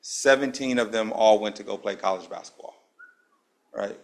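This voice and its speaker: A man's voice: fairly low pitch, normal speed. A man, a basketball coach on a panel, answering in a casual, reflective way. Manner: reflective, casual, uses "right?" as a tag.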